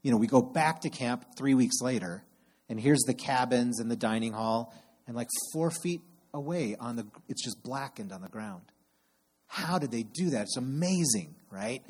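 A middle-aged man preaching a sermon, telling animated personal stories and acting out his exasperated outbursts. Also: medium pitch, normal speed, slightly rough. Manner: animated storyteller who acts out exasperated outbursts. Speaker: camp program director preaching.

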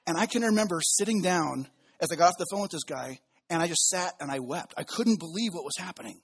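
Husky pastor guy preaching, kinda high voice, lively storytelling, acts out all the quotes. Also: moderate pace, pauses often. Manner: animated storytelling, acting out quotes with pitch jumps and dropping to soft asides. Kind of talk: sermon.

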